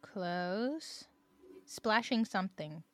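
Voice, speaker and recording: A woman's voice: mid-range voice, animated, extremely slow. A young woman co-hosting a podcast, chatting in a playful, teasing, giggly way. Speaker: podcast co-host. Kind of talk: casual podcast chat.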